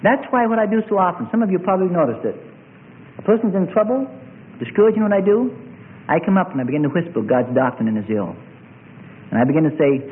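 A man's voice: expressive, fast talker. Fiery preacher man, tinny lo-fi sound. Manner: rousing, sing-song, swings from loud high cries to low murmurs. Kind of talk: fiery sermon.

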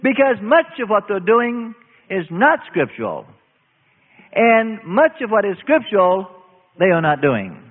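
A man preaching a sermon, slow and emphatic, stretching out his phrases. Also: high-pitched, very animated. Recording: phone-like audio in a reverberant hall.

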